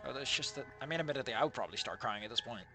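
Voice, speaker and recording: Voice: medium pitch, lively intonation, racing, music in the background. A game commentator giving sarcastic, exasperated commentary on a visual novel, often laughing at the writing. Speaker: let's play commentator.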